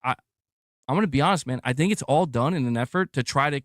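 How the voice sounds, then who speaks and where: A man's voice: mid-range voice, fast, dry recording, clean studio sound. A man cohosting a casual gaming podcast, ranting in exasperation and circling back over his own points. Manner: ranting, exasperated, repeats himself. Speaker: podcast co-host.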